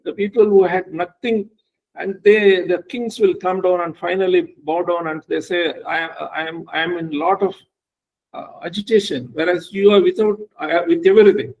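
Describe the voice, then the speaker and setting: Guy teaching vedanta online, kinda gravelly, a bit high, lots of uhs and restarts. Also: fairly even intonation, narrow, tinny audio. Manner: halting, many uh fillers and restarts. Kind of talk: online spiritual lecture with storytelling.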